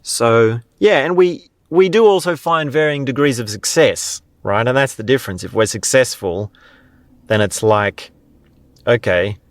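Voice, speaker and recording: A man's voice: medium pitch, normal speed, no echo, studio quality. A man with an Australian accent hosting a podcast in a casual, conversational monologue, often tagging sentences with questions. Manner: conversational, frequent "right?" tag questions. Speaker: podcast host.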